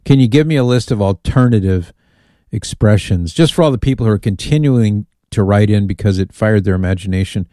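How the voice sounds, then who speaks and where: A man's voice: on the low side, fairly quick, warm tone, dry recording, clean studio sound. A man hosting a call-in radio show, chatting in an amused way and reading listener emails aloud.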